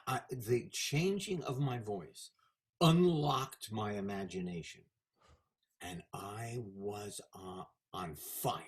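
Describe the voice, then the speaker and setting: A man in his seventies, a guest in a casual interview, telling animated stories about his career. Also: fairly low pitch, slow pace. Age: 70s. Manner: animated anecdotal storyteller.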